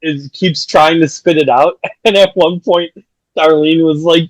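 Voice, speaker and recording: Man co-host, chatty casual recap, fairly high voice, dry close mic. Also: fairly even intonation, unhurried, no echo, poor audio. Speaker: podcast co-host. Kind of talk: casual chat recapping an episode.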